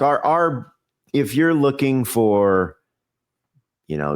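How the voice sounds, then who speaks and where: A man, a TV baseball show host, speaking as a guest on a podcast interview in an earnest, measured way with frequent fillers and restarts. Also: on the low side.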